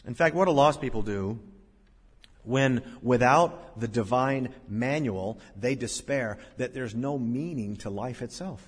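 Husky-voiced preacher in a reverberant hall. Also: male voice, mid-range voice, measured pace. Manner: animated preaching, swinging between loud emphasis and quiet asides. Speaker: pastor. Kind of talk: sermon. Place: large church sanctuary. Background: congregation in the room.

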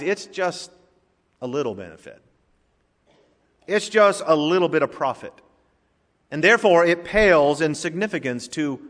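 A man's voice: a little high, a bit bright. A male pastor preaching a sermon in a conversational, joking way, in a church sanctuary. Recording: long reverb of a large hall.

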